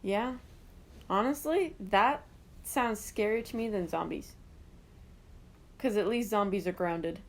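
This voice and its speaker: A young woman with a mid-pitched voice co-hosts a podcast in casual chat. She talks in a teasing, jokey way, full of quick asides. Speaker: podcast co-host.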